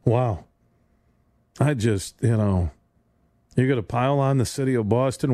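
Speaking at a measured pace, this man has a medium-pitched voice with a dark tone, recorded dry on a studio microphone. He hosts sports radio in a solo monologue that rambles, turns sarcastic, and keeps stumbling into restarts.

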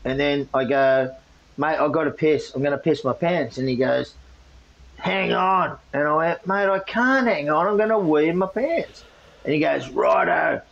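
An Australian man in casual chat, telling a story in an animated way, swearing and acting out voices. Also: on the high side, moderate pace, gravelly, highs cut off. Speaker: co-host.

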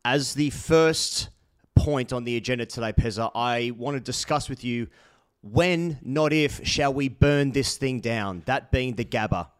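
A man's voice: mid-range voice, unhurried, clear, resonant tone. Sweary, mock-outraged Australian man. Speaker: podcast host. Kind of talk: casual cricket chat.

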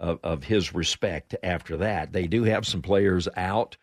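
A man's voice: deep voice, measured pace, no echo. A man co-hosting a talk radio show, chatting casually with a rambling, stop-start delivery. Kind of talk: casual chat.

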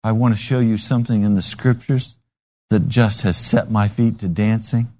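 A man's voice: lowish voice, normal speed. A man preaching a sermon, telling stories and acting out the voices in them. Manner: animated storytelling with acted-out voices.

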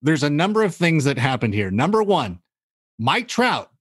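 Hombre narrando anécdotas con voz seca. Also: male voice, on the high side, a little fast, no room sound, clean studio sound. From California. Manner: animated storyteller, acts out quoted voices. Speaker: guest. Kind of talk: casual podcast chat.

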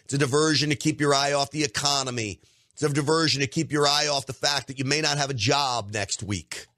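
A man's voice: medium pitch, brisk, pushed and bright, no echo, studio quality. A middle-aged man hosting a podcast, delivering an emphatic opinion monologue straight to his listeners. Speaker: podcast host.

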